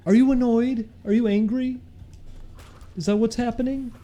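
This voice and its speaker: A man's voice: very high-pitched, fairly even intonation, moderate pace, warm tone, voice pushed up. A man playing a prying mock therapist. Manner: questioning in a mock clinical tone.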